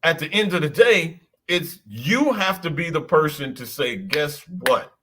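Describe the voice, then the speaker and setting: Bright forceful dude, blunt, slangy, swears a lot, casual chat. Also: male voice, on the high side, animated, measured pace. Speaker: co-host.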